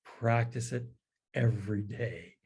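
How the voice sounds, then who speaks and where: A man voicing a calm, gentle bishop who answers in a soothing, patient way. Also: mid-range voice, slow, breathy edge.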